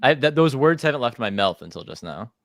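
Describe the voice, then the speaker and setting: A man's voice: mid-range voice, very animated, brisk, fairly bright tone, dry recording, clean studio sound. A man hosting a livestreamed podcast, chatting casually in an easygoing, rambling way. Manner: easygoing, rambling, self-deprecating. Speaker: podcast host.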